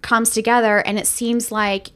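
A woman's voice: a little high, little pitch movement, moderate pace, fairly bright tone, smooth. A woman co-hosting a movie review podcast, talking through the plot in a casual, analytical way. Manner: chatty, analytical, frequent restarts. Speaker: podcast co-host.

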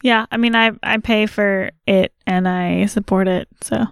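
A woman's voice: medium pitch, fairly even intonation, a little slow, vocal fry, clear, resonant tone, dry recording, studio quality. A young woman chatting casually with her husband on a podcast, teasing and giggly. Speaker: podcast guest host, wife. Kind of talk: casual chat.

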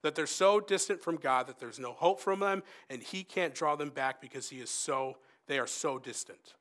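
A man preaching a sermon in an earnest, conversational way, rising for emphasis and softening for quoted asides. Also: fairly high pitch, normal speed.

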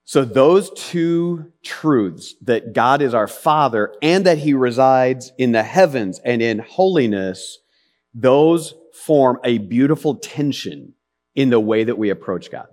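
A middle-aged man delivering a sermon in an earnest, conversational way. His pitch sits in the middle range, and he speaks as a pastor who keeps pulling the congregation in with rhetorical questions. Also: animated, takes it slowly, a little mellow.

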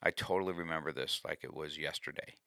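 Deep-voiced man telling a confessional story. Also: fairly even intonation, quick pace, pushed and bright, dry recording, clean studio sound. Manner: earnest, confessional, with frequent restarts. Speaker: speaker telling a life lesson. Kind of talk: personal storytelling talk.

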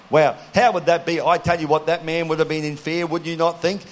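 A man's voice: a little high, level tone, a little fast, hardly any pauses. A middle-aged man preaching a sermon, earnest and direct, telling stories to his audience.

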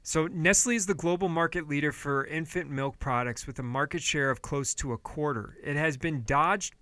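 Man, podcast host, profane political rant, slightly high voice, dry close sound. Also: moderate pace, dry recording. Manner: heated, profane, swings between yelling and apologetic quiet. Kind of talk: ranting political commentary podcast.

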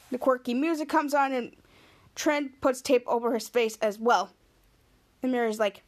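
Woman podcast host with a high voice, giggly, rambling episode recap. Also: steady tone, normal speed. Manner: rambling play-by-play narration, giggly.

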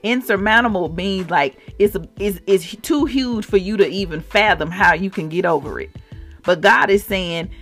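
A woman from Mississippi with a Southern accent, hosting a devotional podcast and exhorting listeners in an animated, informal way. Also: medium pitch, normal speed, soft background music. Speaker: podcast host, faith encourager.

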